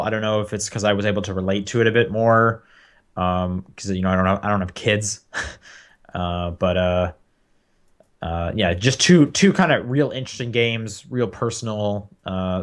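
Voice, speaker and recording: Chatty young man rambling about games. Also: lowish voice. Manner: rambling, many fillers and restarts. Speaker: podcast co-host. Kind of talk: casual game chat.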